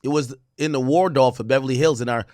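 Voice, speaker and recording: A man, animated and profane, reacting to news on a livestream and reading out testimony. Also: fast, dry recording, clean studio sound. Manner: animated, swings from loud outbursts to low mutters; profane, reads court testimony aloud. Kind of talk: casual livestream commentary.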